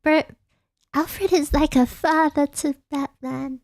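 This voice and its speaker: A woman's voice: high voice, fairly even intonation, takes it slowly, dry recording, studio quality. An Australian woman streamer chatting casually late at night, giggling often and rambling in a self-deprecating way.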